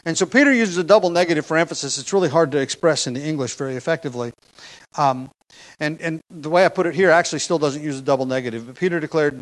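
A man with a fairly high voice teaches through a scripture passage in a sermon. He speaks emphatically, pausing on key words and sometimes chuckling as he explains. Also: animated, rough recording. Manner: expository teaching, emphatic, with occasional fillers and chuckles. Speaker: preacher.

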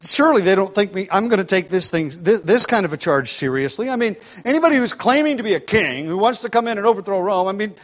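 A man's voice: sits high, voice pushed up. A man voicing an incredulous Roman governor, scornful and exasperated as he scoffs at a charge.

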